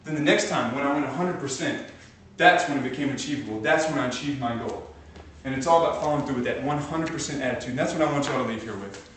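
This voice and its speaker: A medium-pitched, fairly bright male voice moves at a quick pace with hardly any pauses. The motivational speaker addresses a live group in a large room, telling stories and building to energized exhortation. The far camcorder recording echoes and carries a little hiss or hum.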